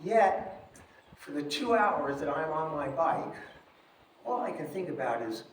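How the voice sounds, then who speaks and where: A middle-aged man telling a personal story on stage, wry and animated, acting out the lines he quotes. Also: fairly high pitch, a little slow, pauses often, a little hiss or hum. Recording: echoey room, from far off.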